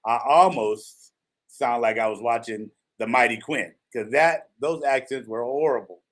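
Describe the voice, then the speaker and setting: A middle-aged man hosting a casual radio talk show. His voice sits at an ordinary pitch. He rambles, restarts and cracks jokes as he chats with his guest. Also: measured pace, a bit bright. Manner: chatty, jokey, rambling with restarts. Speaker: radio host.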